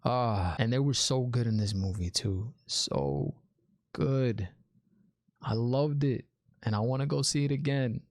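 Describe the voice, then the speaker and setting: A man's voice: medium pitch, unhurried, a little mellow, dry recording. Chatty man reviewing a movie, dry sound. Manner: chatty and enthusiastic, often calls the listener "man"; repeats himself and restarts sentences. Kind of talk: casual spoiler review.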